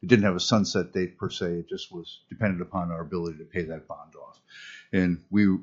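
Deep husky man testifying at a hearing. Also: fairly even intonation. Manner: measured, explanatory. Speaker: state fisheries commissioner testifying. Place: legislative committee room. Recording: muffled lo-fi hearing audio.

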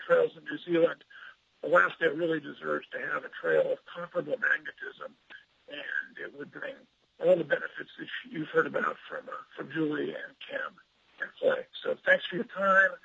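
A man gives public testimony from afar, his voice gravelly and a little husky. He advocates earnestly and at a steady, measured pace. His voice comes through a dry, dull lo-fi connection. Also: on the high side, no room sound. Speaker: public commenter for a statewide trails nonprofit. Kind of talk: remote testimony at a legislative hearing. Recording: dull lo-fi remote audio line.

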